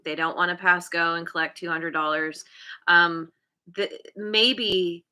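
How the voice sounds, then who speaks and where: A woman's voice: on the low side, bright, forceful tone. A woman giving an intuitive tarot reading, talking in a hesitant, searching way with many restarts. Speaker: tarot reader.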